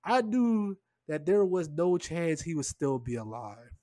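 A man reading the lines of an ancient giant robot, apologetic and gentle, in close to his own voice. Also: a little high, big pitch swings, unhurried, no echo. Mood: regretful. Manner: lightly read-out quote, mostly his own voice.

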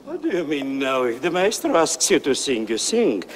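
An actor playing a pompous opera house manager who talks down to a singer. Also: male voice, a little high, huge pitch swings, normal speed, a little hiss or hum. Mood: stern. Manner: haughty, threatening.

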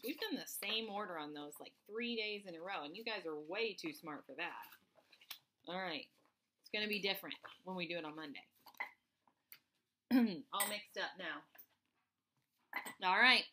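A woman teaching first grade remotely, spelling sight words out slowly, letter by letter, to children. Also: mid-range voice, pushed and bright, a little hiss or hum. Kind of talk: remote phonics lesson for children.

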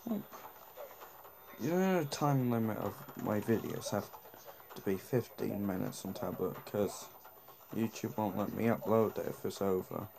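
Young guy casually narrating a mobile game, slow talker, mumbles at the screen. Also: fairly low pitch, gravelly. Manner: mumbling, self-talking, reacting to the game. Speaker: gaming channel host.

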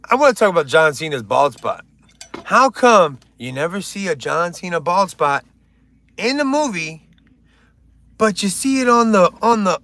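A man's voice: high voice, a bit bright, dry recording. A man hosting a casual livestream, joking, rambling and reading chat aloud. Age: older. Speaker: livestream host.

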